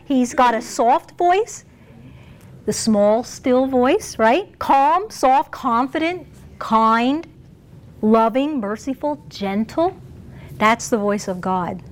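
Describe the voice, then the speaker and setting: A woman giving an informal Bible teaching, chatty and animated, often laughing and restarting phrases. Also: a little high, slow pace. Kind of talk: informal sermon.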